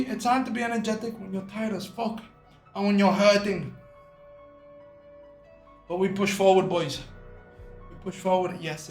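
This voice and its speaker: A man's voice: sits high, roomy sound. A man live-streaming in a brash, boastful, profane way, tired out. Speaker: livestreamer. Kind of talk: casual live-stream chat.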